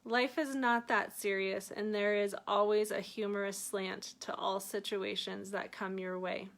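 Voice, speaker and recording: A woman's voice: mid-range voice, level tone, a little slow. A woman reading aloud from her own book, stopping now and then for chatty, joking asides about what she wrote. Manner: chatty, breaks off to joke and laugh at her own lines.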